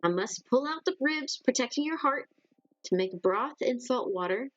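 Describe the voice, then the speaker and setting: A woman voicing a calm, caring female sea witch in a game, reading in a slow, soothing, motherly way. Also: high-pitched, no echo, highs cut off, pitched above the performer's own voice. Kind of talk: reading game dialogue aloud.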